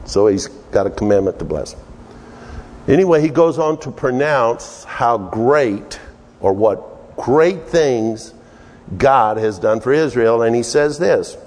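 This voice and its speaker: A man delivers a conversational sermon, telling a story in a lively, unhurried, slightly mellow voice. His delivery is emphatic and jumpy, with sudden leaps in pitch. The long reverb suggests a large hall.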